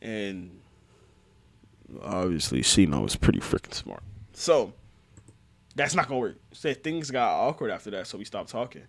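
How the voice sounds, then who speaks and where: A young man giving a casual manga review, excitable and slangy, often laughing as he recaps the plot. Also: on the low side, normal speed, pauses often.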